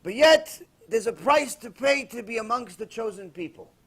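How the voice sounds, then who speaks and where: A man, a rabbi, preaching a sermon, telling a story in an animated way with acted quotes and dry sarcastic asides. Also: very high voice, moderate pace, slightly rough.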